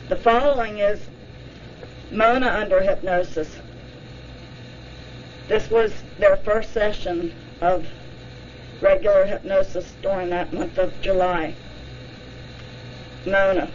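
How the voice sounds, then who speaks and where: A woman narrating a documentary in a slow, measured reading voice. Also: medium pitch, expressive, slight background noise. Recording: dull lo-fi recording.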